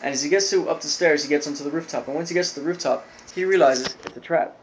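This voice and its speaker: A man's voice: a little high, quick pace, very noisy. A man reviewing an anime episode, retelling the plot in a loose, rambling way with lots of fillers. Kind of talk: casual spoken recap.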